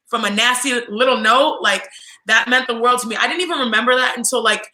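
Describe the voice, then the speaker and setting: A woman's voice: on the high side, fairly even intonation, normal speed, pushed and bright, roomy sound, low-quality recording. A woman in her twenties, a podcast guest telling a casual story and acting out other people's voices. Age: 20s.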